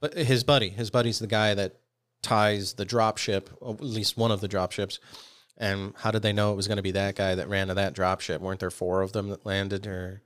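A man's voice: lowish voice, flat delivery, brisk, a bit bright, no room sound, studio quality. A man co-hosting a casual podcast, thinking aloud with plenty of ums and uhs. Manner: rambling with many ums and uhs. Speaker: podcast co-host. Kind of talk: casual chat.

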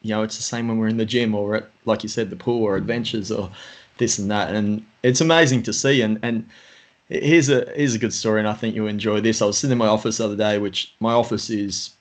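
A middle-aged man hosting a casual podcast chat, his voice sitting a little low. He rambles along, filling gaps with "you know" and loose restarts, on a home podcast microphone. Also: steady tone, quick pace. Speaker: podcast host. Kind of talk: casual conversation.

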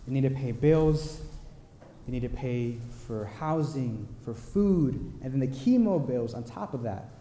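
A male pastor tells a story in a relaxed, conversational way, pausing on fillers as he goes. His voice has a mellow, dark timbre. The sound carries a long reverb from a church hall, with a faint hiss underneath. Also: medium pitch. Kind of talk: sermon storytelling. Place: church sanctuary.

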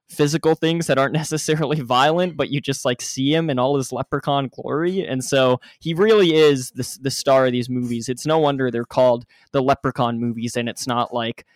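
A man's voice: mid-range voice, fairly even intonation, moderate pace, no echo, clean studio sound. A man co-hosting a casual movie review chat, thoughtful and rambling. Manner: thoughtful, rambling, many fillers. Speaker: podcast co-host.

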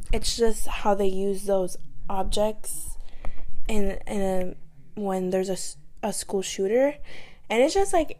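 A woman's voice: medium pitch, dark tone. A woman hosting a casual celebrity gossip podcast, blunt and chatty, leaning on "like" and swearing freely. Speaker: podcast host.

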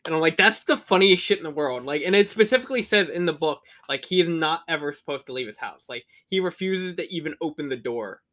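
Bright, profane man telling stories. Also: fairly high pitch, quick pace, few pauses. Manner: animated, profane storytelling. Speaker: podcast co-host. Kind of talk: casual chat.

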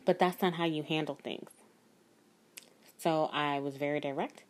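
A woman's voice: low voice, fairly even intonation, normal speed, a little mellow. A woman, a spiritual life coach telling a personal story to her viewers in an earnest, emphatic way. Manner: earnest, emphatic, speaks of God.

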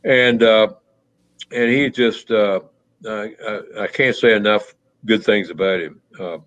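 Male speaker, halting reflective talk, many restarts, dull lo-fi sound. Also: fairly even intonation, fairly bright tone. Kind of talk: reflective conversational storytelling. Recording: muffled low-fidelity audio.

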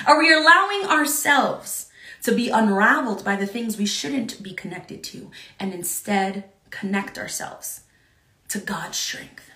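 A woman's voice: sits high, bright, forceful tone, echoey room. A woman in her thirties preaching a sermon, earnest, often asking "right?" as she quotes scripture.

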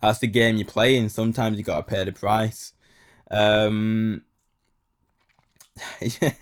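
A man's voice: fairly low pitch, slow. Slangy man telling stories. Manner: animated, slangy, repeats phrases for effect. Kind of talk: casual storytelling monologue.

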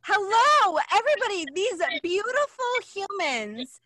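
A woman's voice: very high voice, big pitch swings, unhurried, crowd noise. A woman hosting a livestream, chatty and emotional, with lots of fillers, on a video call setup. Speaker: livestream host. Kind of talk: casual livestream chat.

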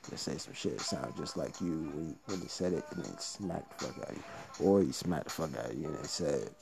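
A man's voice: very deep voice, lively intonation, brisk, vocal fry, music in the background. A man talking through a trading strategy in a rambling, slangy, joking monologue. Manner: loose, slangy, joking, profane.

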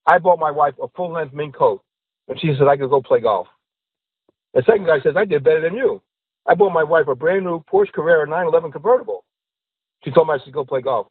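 A man's voice: a little high, husky, no room sound. A man, a stand-up comedian, telling jokes in a casual podcast chat and acting out the characters in them. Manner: animated storyteller acting out joke characters. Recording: tinny phone-like line.

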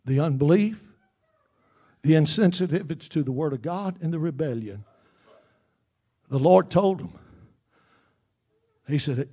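A man preaching a sermon in a fervent, repetitive style that builds toward shouting. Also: a little high, lively intonation, a little slow, long pauses.

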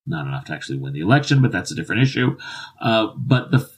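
A man's voice: fairly low pitch, sing-song, quick pace, breathy edge. A man co-hosting a political podcast who once ran for office, making his points earnestly and at length. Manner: earnest, argues in long stretches with restarts. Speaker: podcast co-host, former political candidate. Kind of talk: casual political chat.

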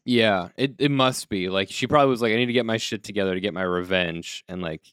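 A man's voice: lowish voice, quick pace, a bit bright, smooth, dry recording, clean studio sound. A man co-hosting a podcast, casually recapping an anime episode with frequent laughter. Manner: recaps scenes with laughter and quoted lines. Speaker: podcast co-host.

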